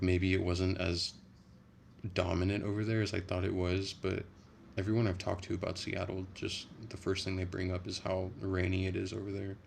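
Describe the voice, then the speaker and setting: A man's voice: low voice, gravelly, slight background noise. A man chatting casually on a livestream, rambling and profane, with frequent restarts.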